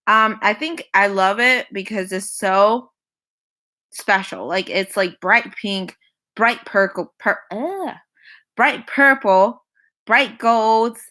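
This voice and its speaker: A woman's voice: mid-range voice, slow, pushed and bright. A young woman in her twenties casually chatting through a makeup wishlist, repeating herself, sighing and laughing between items. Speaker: makeup vlogger. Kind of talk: casual product rundown.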